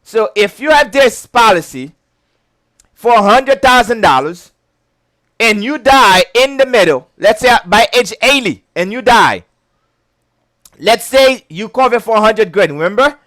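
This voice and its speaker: Man, very high voice, animated pitch, casual chatty lecture. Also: unhurried, no echo. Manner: chatty, keeps checking "okay?", breaks into giggles. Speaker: insurance licensing instructor.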